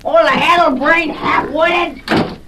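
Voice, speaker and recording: An actress playing a bossy older frontier housewife with a scolding, name-calling manner, in 1940s radio acting. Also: female voice, high voice, fairly even intonation, takes it slowly. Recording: noisy 1940s radio broadcast.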